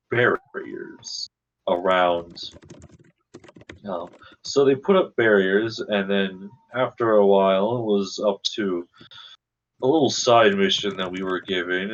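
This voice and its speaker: A deep-voiced man narrates as game master in a tabletop game, slow and searching for his words. His mic sounds dull and lo-fi. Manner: hesitant, searching, many fillers.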